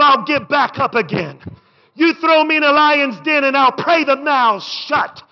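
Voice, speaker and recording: A man with a very high, gravelly voice preaches a sermon to a congregation at a measured pace, animated and rhythmic, repeating phrases and building to shouts. His voice rings through a big church sanctuary with a long reverb tail. The recording is muffled and lo-fi.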